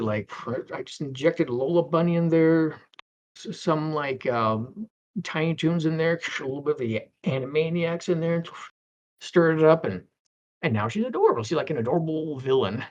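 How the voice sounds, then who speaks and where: Fifty-something male guest, slightly high voice, rambling casual chat over dull lo-fi call audio. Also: expressive, moderate pace. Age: 50s. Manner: rambling, with many restarts. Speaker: guest animator.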